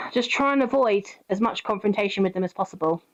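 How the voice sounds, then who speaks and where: A young woman live streaming, chatting casually and gently reassuring her viewers with advice. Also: medium pitch, a little fast. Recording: dull lo-fi stream audio.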